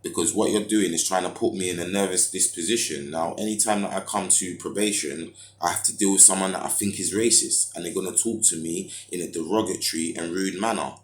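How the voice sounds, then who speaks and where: A man's voice: low voice, fairly even intonation, a little fast, reverberant. A young man telling a frustrated story in a casual monologue, full of street slang and fillers. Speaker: vlogger.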